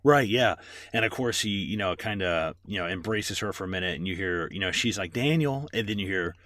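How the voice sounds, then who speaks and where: A man's voice: low voice, a little fast, sharp tone, no room sound. A man co-hosting a podcast, recapping a horror movie in casual, rambling chat full of fillers and swearing. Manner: rambling, filler-heavy, profane. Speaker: podcast co-host.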